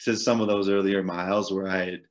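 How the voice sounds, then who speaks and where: A man with a fairly low voice tells a long race story as a podcast guest. He rambles loosely, leans on fillers, and keeps breaking into small chuckles. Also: flat delivery, a little fast. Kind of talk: casual storytelling interview.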